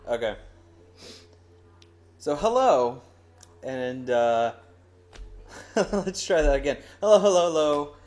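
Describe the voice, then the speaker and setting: A young adult man hosting a podcast in casual chat, rambling and self-mocking, with lively bursts of energy. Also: on the high side, slow pace, pauses often. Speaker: podcast host.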